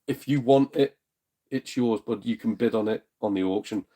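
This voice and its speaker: A man's voice: fairly low pitch, normal speed, mellow. Chatty man on a home live stream. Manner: chatty, blunt, jokey, swears, puts on voices in retold exchanges. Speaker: streamer and gaming channel host. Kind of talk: casual live-stream chat reading viewer comments. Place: at home in a front room.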